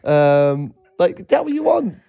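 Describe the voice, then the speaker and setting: A man's voice: a little high, measured pace, gravelly, dry recording. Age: young adult. Sound: teasing man, dry mic. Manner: teasing, joking, deadpan wind-ups. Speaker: podcast co-host. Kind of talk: casual podcast banter.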